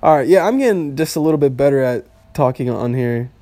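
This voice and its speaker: A man's voice: medium pitch, animated, brisk, dark tone, dry recording. A young man hosting a solo podcast, rambling and swearing freely and laughing at his own jokes. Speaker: podcast host. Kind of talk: casual solo podcast rant.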